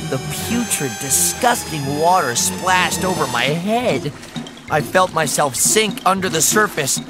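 A man's voice: on the high side, animated, a little slow, music in the background. A man reading an audiobook, voicing a frightened young boy who narrates breathlessly and cries out in panic. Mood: frantic.

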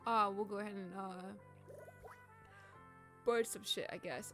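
A woman's voice: a little high, fairly even intonation, unhurried, pauses often, fairly bright tone, faint music behind. A young woman streaming a cozy game, chatting casually and swearing, with sudden frustrated outbursts. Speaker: gaming streamer. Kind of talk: casual let's play commentary.

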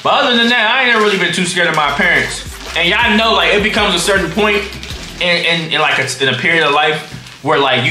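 High, bright-voiced young man telling stories. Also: echoey room. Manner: animated, profane storytelling with slang. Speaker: streamer. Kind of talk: livestream storytime.

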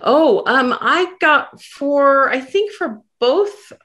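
A woman author chatting on a video call, upbeat and chatty, often pausing and restarting her sentences. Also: sits high, expressive, a bit bright. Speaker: guest author. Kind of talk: casual chat on a video call.

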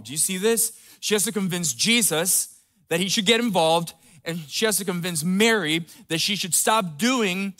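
A man pastor giving a conversational sermon, dropping soft and low for tender quotes.

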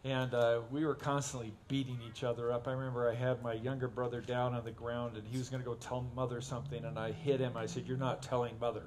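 Folksy pastor telling stories from the pulpit. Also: male voice, medium pitch, quick pace, few pauses, a little hiss or hum. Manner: folksy, animated when acting out stories. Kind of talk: sermon with humorous storytelling. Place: church sanctuary.

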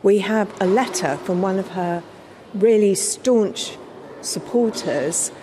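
A woman's voice: medium pitch, slow, mellow, a little hiss or hum. A woman historian explaining a museum exhibit to visitors in a knowledgeable, eager way. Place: museum gallery, indoors.

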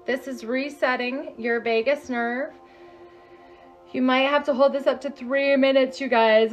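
High-voiced woman leading a healing session. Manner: soothing, chants a repeated release mantra. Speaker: energy healer. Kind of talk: guided healing session on a live stream.

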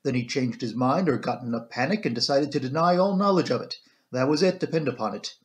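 A man voicing a grim police inspector who presses with brisk questions in an amateur audiobook reading. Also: mid-range voice, animated, close to an everyday voice.

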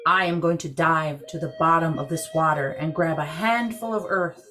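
A woman voicing a male trickster figure from a traditional legend in a calm, earnest storytelling voice. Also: low-pitched, normal speed, music in the background, close to an everyday voice. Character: male trickster spirit, survivor of flood.

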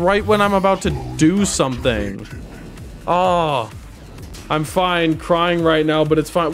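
A young man streaming a game live, commenting excitedly and yelping and shouting when things go wrong. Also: fairly high pitch, a little slow, soft background music.

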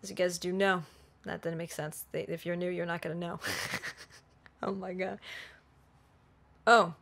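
A woman's voice: lowish voice, flat delivery, a little slow, gravelly, fairly bright tone. A woman YouTuber flubbing her video intros, giggling and exclaiming as she restarts her lines. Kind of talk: blooper reel of vlog intros.

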